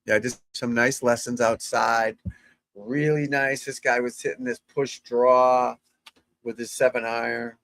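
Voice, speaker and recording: A man's voice: mid-range voice, level tone, measured pace, a bit bright. A chatty male golf instructor rambling through a casual home broadcast in an ordinary mid-range voice. He keeps talking straight to his viewers, and the sound is dry and close, with no room echo. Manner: rambling, chatty, breaks off to talk to his dog. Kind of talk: casual live chat to viewers.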